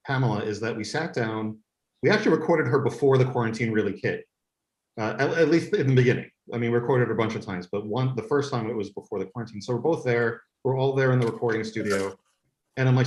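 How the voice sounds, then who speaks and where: A man, a guest in a podcast interview, tells stories about his show with plenty of enthusiasm and restarts. His voice sits at a middling pitch. The room around him is noticeably echoey. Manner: enthusiastic storytelling, many restarts. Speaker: guest, creator of an animated series.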